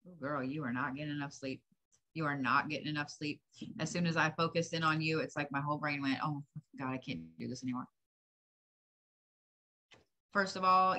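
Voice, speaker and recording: Her low voice is bright and forceful. As a psychic reader in a channeled session, she speaks straight to the listener with blunt, profane advice delivered emphatically.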